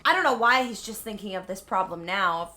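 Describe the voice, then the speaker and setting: A woman's voice: medium pitch, lively intonation, brisk, pushed and bright. A tipsy woman vlogger who gives a rambling, giggly comedic retelling and often interrupts herself.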